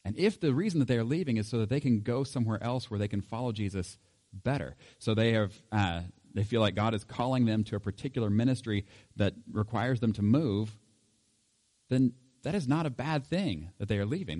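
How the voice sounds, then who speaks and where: A man's voice: lowish voice, lively intonation, fairly quick, darkish tone. A middle-aged man giving an informal Bible teaching in a conversational way, with chuckles and fillers.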